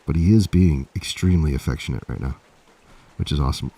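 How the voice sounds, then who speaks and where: A man's voice: extremely low pitch, quick pace, gravelly, breathy edge. A man chatting casually on a livestream while he writes, rambling and laid-back, heard from a distance off the mic. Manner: rambling, laid-back, talks softly to his cat. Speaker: writer livestreaming his writing.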